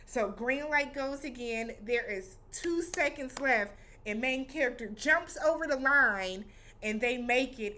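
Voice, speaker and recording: A woman hosting a casual recap vlog, speaking in an animated, slangy way and acting out her own reactions. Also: a little high. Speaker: vlog host reviewing a TV episode.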